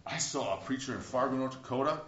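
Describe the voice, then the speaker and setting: A man preaching a sermon as a pastor, in an earnest manner that swings between loud, emphatic bursts and quiet, reflective stretches. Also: mid-range voice, quick pace, slight background noise. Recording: roomy, dull lo-fi recording.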